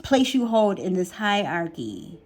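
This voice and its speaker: A woman's voice: mid-range voice, very animated, measured pace. Chatty woman giving a tarot reading. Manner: chatty, repeats phrases for emphasis; drops to a whisper while drawing cards. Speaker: tarot reader.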